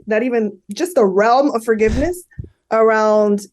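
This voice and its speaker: A woman's voice: fairly high pitch, moderate pace, darkish tone. A woman in her fifties, a podcast guest, talking earnestly and repeating phrases as she explains. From Miami. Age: 50s. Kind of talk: candid conversational interview.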